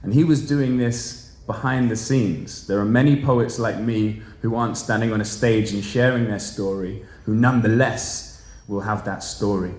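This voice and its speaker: Animated male poet in an echoey room. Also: fairly low pitch, moderate pace. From Channel Islands, Jersey. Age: 30s. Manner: lively storyteller who acts out quoted dialogue. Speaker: spoken word poet and teacher. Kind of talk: storytelling talk at a live event. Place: public library event room.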